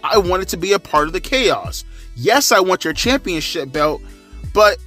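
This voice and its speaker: Bright-voiced, slangy young man ranting. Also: high-pitched, normal speed, faint music behind. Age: 30s. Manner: slangy, animated, crude. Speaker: wrestling commentary vlogger. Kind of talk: casual profane rant.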